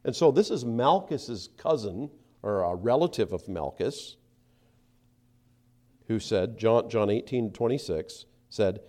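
A man preaching a sermon, acting out the speakers he quotes and dropping to soft asides between them. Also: on the low side, animated, slow. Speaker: pastor.

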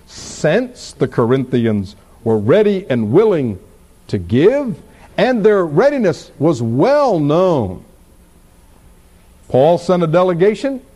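A man preaching a sermon, teaching in an unhurried, expressive way and asking his listeners rhetorical questions. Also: on the high side.

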